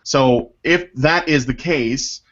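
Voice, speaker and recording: A man's voice: medium pitch, slow pace, fairly bright tone. A man hosting a casual podcast, rambling with many fillers and swearing freely while reading listener mail. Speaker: podcast host. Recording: dull lo-fi podcast audio.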